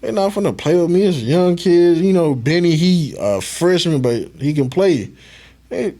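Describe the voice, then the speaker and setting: A man's voice: fairly high pitch, expressive, moderate pace, warm tone. A laid-back man and former college football player, telling his story casually as a podcast guest and swearing freely.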